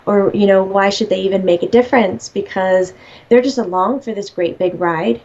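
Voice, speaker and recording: A woman's voice: mid-range voice, normal speed, a little mellow. A woman relaying messages as a medium in casual conversation, chatty, laughing often and swearing freely. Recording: slightly dull lo-fi audio.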